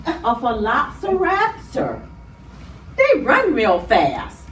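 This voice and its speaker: A woman hosting children's storytime in a library. She speaks to small children in an animated way and draws out her words. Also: high voice, very slow, a little hiss or hum. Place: library room. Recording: roomy, distant mic.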